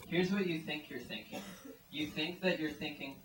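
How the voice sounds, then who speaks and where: A man performing stand-up at a small venue, his slightly high voice wandering through loose, filler-heavy bits. He sounds a little away from the mic, and the room gives back a noticeable echo. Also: moderate pace, fairly bright tone, slight background noise. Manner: rambling, filler-heavy delivery full of "like" and "um". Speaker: stand-up comedian. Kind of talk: stand-up comedy set. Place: small live comedy venue. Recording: echoey room, mic at a distance.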